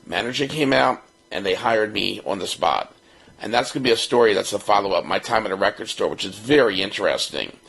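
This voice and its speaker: A man's voice: fairly low pitch, brisk, gravelly, husky, low-quality recording. A man in his fifties from Baltimore, co-hosting a podcast and telling a personal story, acting out what others said. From Baltimore, United States. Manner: lively storyteller who acts out the other people's lines. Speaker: podcast co-host.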